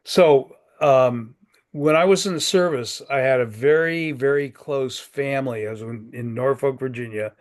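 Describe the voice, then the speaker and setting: A man's voice: mid-range voice, normal speed. A man in his sixties hosting a networking group on a video call, folksy and joking, often repeating his words.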